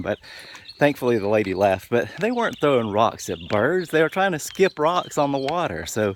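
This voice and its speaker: A man's voice: mid-range voice, sing-song, normal speed, slight background noise. A man telling a story casually to the camera, with many fillers and restarts. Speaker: vlogger.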